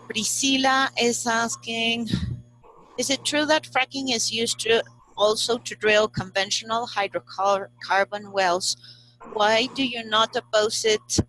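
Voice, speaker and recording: A woman's voice: mid-range voice, fairly bright tone, poor audio. A woman moderating a webinar, reading out audience questions with frequent fillers.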